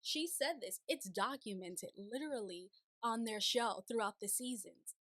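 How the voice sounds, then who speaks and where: A woman's voice: on the high side, a little slow, no room sound. Chatty woman recapping a TV show. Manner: chatty, animated, paraphrases in playful voices. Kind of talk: casual recap commentary. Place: city home, sirens outside.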